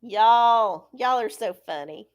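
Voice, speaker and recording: A woman's voice: fairly high pitch, animated, slow pace. A woman hosting a live stream, chatting casually in a blunt, profane, rambling way. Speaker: host of a live oracle stream. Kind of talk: casual livestream chat.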